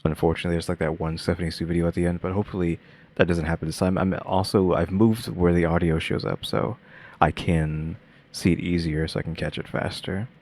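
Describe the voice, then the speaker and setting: A man's voice: low voice, steady tone, brisk, darkish tone. A man streaming a reaction video, talking casually and rambling with lots of fillers and restarts. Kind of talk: casual commentary.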